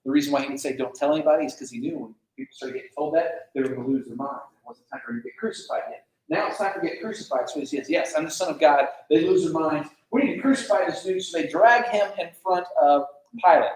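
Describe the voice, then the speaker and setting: A man teaching a casual Bible lesson to students, animated, asking the class questions and acting out quotes. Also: on the high side, quick pace, hardly any pauses. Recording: echoey room, mic far off.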